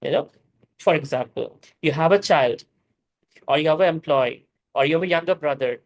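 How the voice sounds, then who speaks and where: A man with an Indian English accent giving a scripture class. He speaks emphatically, rises to forceful exhortation, chants Sanskrit verses slowly and carefully, and often says "you know" and restarts his sentences. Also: a little high, low-quality recording. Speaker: spiritual teacher.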